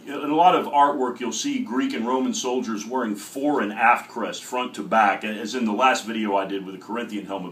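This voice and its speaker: A man giving a relaxed video lecture, often trailing into ums and starting sentences over, with a wry, self-mocking edge. His voice sits at a middling pitch. It sounds roomy and a little distant from the mic. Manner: loose and self-deprecating, many ums and restarts. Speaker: teacher. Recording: echoey room, mic at a distance.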